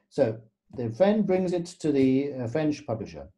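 A man's voice: mid-range voice, very animated, unhurried, dark tone, highs cut off. A man, a guest pianist, explaining in a storytelling way with frequent fillers and tag questions. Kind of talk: conversational explanation.

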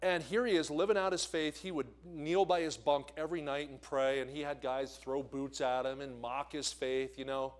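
Man preaching a lively storytelling sermon. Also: fairly high pitch, normal speed, hardly any pauses. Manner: storytelling, asks the congregation questions. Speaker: evangelist preacher. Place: church sanctuary.

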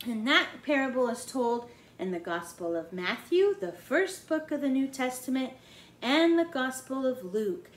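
A woman leading a children's church lesson, reading a storybook in a slow, patient teacher's manner. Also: sits high, expressive. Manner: slow, patient, sing-song teacher delivery.

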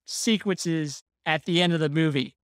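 A podcast host telling a story in casual chat, relaxed and laughing often. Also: medium pitch, a little slow, smooth, no room sound, studio quality.

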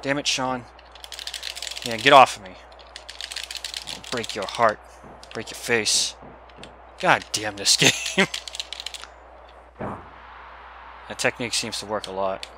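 A young man giving casual gameplay commentary, excitable and swearing as he yells at the game. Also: fairly low pitch, slow pace, pauses often, noisy background. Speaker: gamer.

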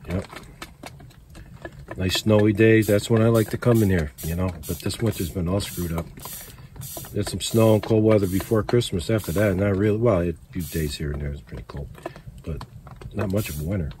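An older man chatting in a relaxed, rambling way with lots of fillers, vlogging from a canvas teepee with a wood stove in the snowy woods. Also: low voice, normal speed. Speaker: outdoors vlogger. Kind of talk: casual camp vlog. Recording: outdoor camp recording with steady background noise.

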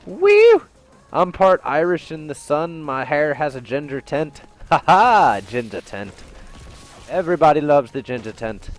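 A young man doing live gameplay commentary, excitable, laughing and yelping, swinging between loud outbursts and mumbles. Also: on the high side, normal speed. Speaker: gaming commentator.

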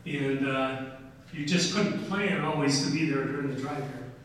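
An older man, a history presenter, gives a casual slide lecture in a mid-range, slightly bright voice at a moderate pace. He tells folksy stories peppered with "uh"s and "okay"s, picked up by a distant room mic in a large echoey hall with slight background noise.

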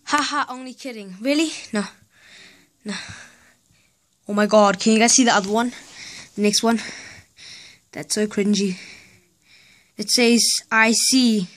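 A vlogger with a somewhat high voice rants in a loose, casual style, full of sarcastic exasperation, even spelling out letters one by one in disbelief. She speaks at a measured pace and pauses often.

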